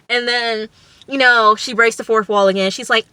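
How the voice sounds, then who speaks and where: A woman's voice: a little high, steady tone, moderate pace, sharp tone, clear, resonant tone, no echo. A young woman vlogger casually recapping a TV episode, rambling with lots of fillers. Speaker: TV review vlogger.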